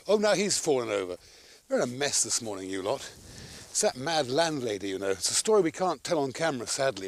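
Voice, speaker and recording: A man's voice: fairly high pitch, no room sound. A man hosting a cooking demonstration in an outdoor snow kitchen, bantering theatrically with his crew as he cooks. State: a bit out of breath. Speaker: cooking show host.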